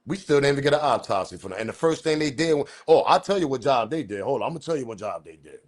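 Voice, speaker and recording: A man hosting a commentary video, ranting about the news with profanity and loud emphatic bursts. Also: medium pitch, expressive, fast talker. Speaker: commentary channel host.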